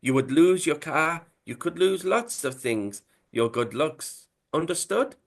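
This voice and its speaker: A man's voice: on the high side, animated, measured pace, voice pushed up. A man voicing a menacing Italian mobster with a put-on Italian accent, drawn out and threatening.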